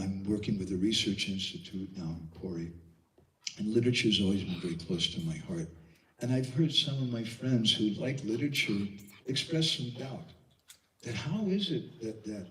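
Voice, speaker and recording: A man's voice: lowish voice, roomy sound, recorded from a distance, a little hiss or hum, rough recording. A man giving a devotional lecture, telling stories with quoted voices and asking rhetorical questions. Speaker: Vaishnava speaker giving a class.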